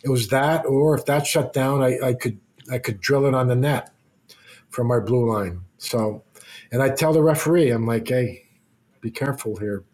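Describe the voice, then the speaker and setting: A man's voice: mid-range voice, moderate pace, darkish tone. A middle-aged man, a retired hockey player as a podcast guest, telling casual rambling anecdotes full of restarts. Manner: rambling anecdotes with many restarts and quoted voices. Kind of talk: casual storytelling.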